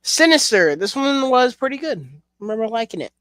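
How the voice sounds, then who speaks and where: A man's voice: very high-pitched, sing-song, brisk, fairly bright tone, smooth, dry recording. A young man chatting casually as a collection reviewer, rambling with fillers and frank swearing. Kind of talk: casual chat.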